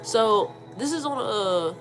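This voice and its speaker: A woman's voice: mid-range voice, takes it slowly. A young woman telling a personal story in a casual, slangy way, repeating words and acting out what people said. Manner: animated, slangy, repeats words, acts out quotes. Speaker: storyteller vlogger.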